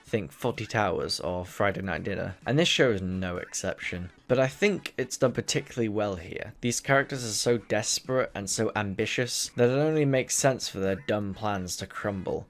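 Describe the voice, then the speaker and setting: A young man narrates his video essay in a relaxed, conversational way. His voice sits a little low, and he drops dry, sarcastic asides as he goes. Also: normal speed, hardly any pauses. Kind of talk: casual commentary.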